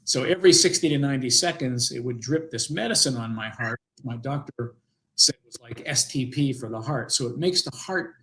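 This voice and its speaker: A man's voice: mid-range voice, a little fast, a bit bright, rough recording. An older man, a guest on an interview show, telling a personal story in a rambling way, with many restarts and acted-out quotes.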